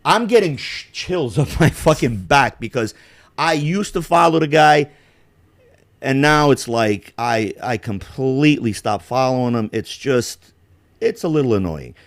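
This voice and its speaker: A man's voice: mid-range voice, animated, unhurried. A man hosting a casual podcast, rambling bluntly with heavy swearing. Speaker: podcast host.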